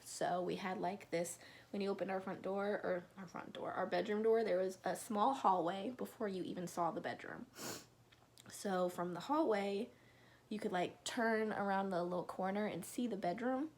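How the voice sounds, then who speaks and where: A woman's voice: mid-range voice, darkish tone, slight background noise. A young woman telling a personal story in a casual, rambling vlog, now and then dropping to a whisper. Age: young adult. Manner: slow, rambling, drops into whispers and laughs.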